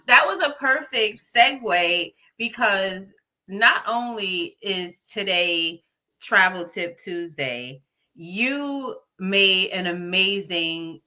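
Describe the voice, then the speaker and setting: A woman guest on a podcast speaks about travel with upbeat enthusiasm. Her voice is bright and her pace is slow and unhurried. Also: mid-range voice. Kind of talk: casual interview talk.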